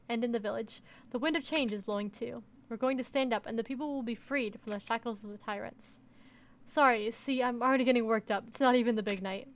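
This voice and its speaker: A woman's voice: on the high side, close to an everyday voice. A woman voicing a fiery, earnest middle-aged male union worker in a game. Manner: earnest, rallying speech.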